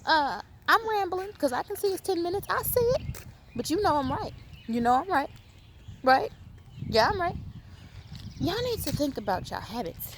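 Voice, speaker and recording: Animated woman scolding her viewers. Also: high-pitched, slight background noise. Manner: emphatic, rhetorical, scolding. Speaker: video host. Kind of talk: animated lecturing vlog.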